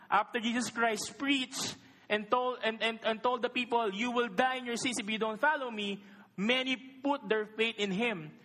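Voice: medium pitch, steady tone, moderate pace, bright, forceful tone. A preacher with a Filipino accent delivering a sermon, speaking emphatically, asking the congregation questions and mixing Tagalog into English. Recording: long reverb of a large hall.

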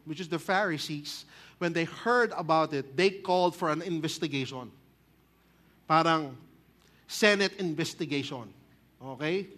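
Animated Filipino pastor, bright voice. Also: male voice, on the high side. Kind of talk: sermon.

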